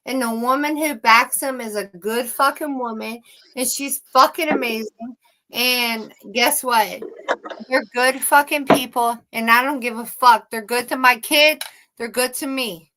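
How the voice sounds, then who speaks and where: A woman's voice: on the high side, unhurried, bright, forceful tone. A woman co-hosting a casual livestream chat, ranting heatedly and swearing constantly.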